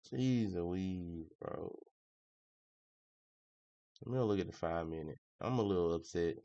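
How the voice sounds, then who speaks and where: A man's voice: low-pitched, slow pace, gravelly, mellow, no room sound. A man trading live on a stream, talking in casual slangy commentary, grumbling and repeating himself. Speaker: day trader streaming live. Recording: dry, slightly muffled lo-fi audio.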